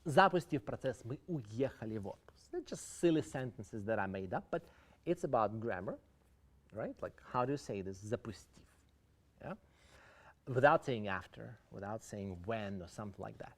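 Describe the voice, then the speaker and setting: A man's voice: lowish voice, expressive, normal speed. Man teaching English idioms. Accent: Ukrainian. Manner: explains idioms, switching between English and Russian; addresses viewers in chat. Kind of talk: online lecture.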